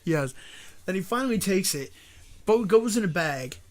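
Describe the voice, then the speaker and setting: Male co-host, casual chat, high and very lively delivery, animated retelling. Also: normal speed. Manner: animated, acts out quoted lines. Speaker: podcast co-host.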